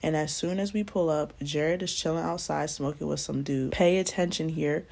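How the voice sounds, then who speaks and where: Low-voiced young woman telling a story. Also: normal speed, gravelly. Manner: animated, slangy, dramatic retelling. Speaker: vlogger. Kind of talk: storytime narration while doing nails.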